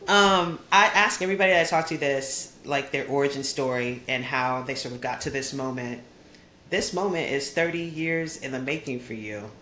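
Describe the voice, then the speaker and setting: A man's voice: mid-range voice, moderate pace, sharp tone, echoey room, a little hiss or hum. A man hosting a radio interview, asking questions eagerly and reacting with enthusiasm. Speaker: radio show host.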